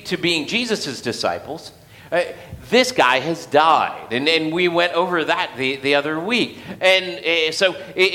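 A man's voice: fairly high pitch, bright, forceful tone, big-room sound. A man giving a casual sermon, telling the story conversationally with playful acted quotes. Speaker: pastor.

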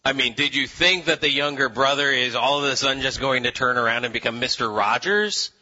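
A man preaching a conversational sermon to a live audience, animated and joking as he acts out voices. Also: medium pitch, fairly quick, muffled recording.

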